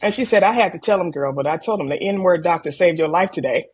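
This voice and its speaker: A middle-aged woman, an emergency room doctor, telling stories from her work in a calm, candid way and livening up when she quotes people. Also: lowish voice, fast, a little hiss or hum. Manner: calm, candid, animated when quoting others. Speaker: ER physician guest. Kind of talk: conversational storytelling.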